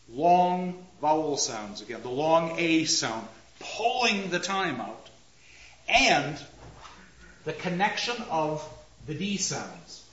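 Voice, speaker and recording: A man lecturing on poetry, reading lines aloud slowly and stressing each beat. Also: fairly high pitch, animated, fairly bright tone. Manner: slow, deliberate, reads lines aloud with stressed beats. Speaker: literature lecturer. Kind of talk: close reading of verse, lecture. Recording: roomy, slightly dull audio.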